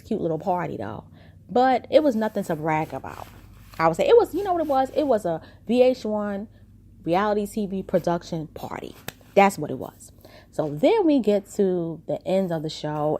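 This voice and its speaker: Woman, gravelly low voice, casual gossipy recap host. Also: warm tone. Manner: chatty, gossipy retelling with quoted voices. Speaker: reality TV recap commentator.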